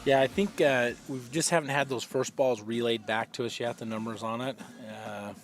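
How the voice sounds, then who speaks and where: A man's voice: medium pitch, fairly even intonation, moderate pace, faint music behind. A man giving live long-drive golf commentary, chatty and explanatory, often using fillers.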